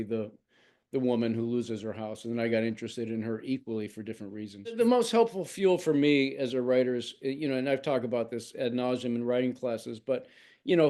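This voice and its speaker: A man's voice: medium pitch, a little mellow. A man in his sixties, a novelist, telling a long story in an interview with many restarts and asides. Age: 60s.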